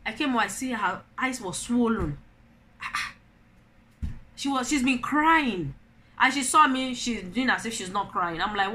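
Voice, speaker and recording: A woman's voice: fairly high pitch, expressive, unhurried, pushed and bright, slight background noise. A middle-aged Nigerian woman and mother, talking to camera in an opinion vlog, telling stories animatedly and asking rhetorical questions. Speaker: vlogger, mother.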